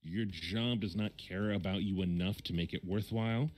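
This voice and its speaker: A man's voice: low voice, steady tone, normal speed, darkish tone. A man with a Midwestern American accent, hosting a casual chat stream and rambling with lots of fillers and self-corrections.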